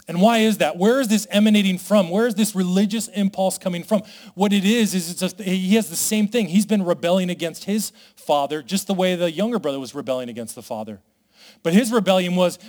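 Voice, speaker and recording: A man preaching a sermon, animated and conversational, acting out the characters' complaints as he retells a parable. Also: sits high. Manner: animated, voices the brothers' complaints dramatically. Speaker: pastor.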